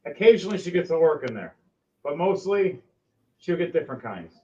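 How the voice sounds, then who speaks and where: A man's voice: on the high side, brisk, echoey room, far from the mic. Casting: male game master, lighter voice, narrating from back off a dull lo-fi mic. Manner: animated, breaks into character voices and laughter. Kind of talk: narrating a tabletop game with players.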